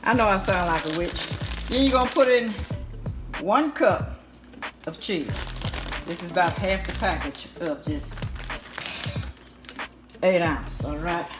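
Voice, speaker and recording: A woman hosting a home cooking demonstration, chatty and animated, calling her viewers y'all. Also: lowish voice. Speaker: home cooking channel host. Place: home kitchen, stove sizzling. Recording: roomy kitchen sound with loud background music.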